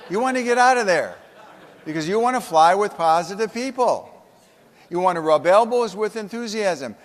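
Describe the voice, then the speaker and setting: A man's voice: high voice, animated, moderate pace. Man giving a keynote in an echoey hall. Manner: storytelling, humorous, emphatic. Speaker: keynote speaker. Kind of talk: motivational keynote speech. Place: conference hall.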